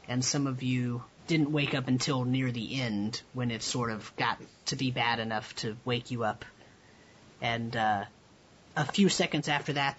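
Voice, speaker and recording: A man narrating as game master of a tabletop game over a voice call, in a relaxed, rambling way with frequent chuckles. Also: mid-range voice, slight background noise. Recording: dull lo-fi voice call audio.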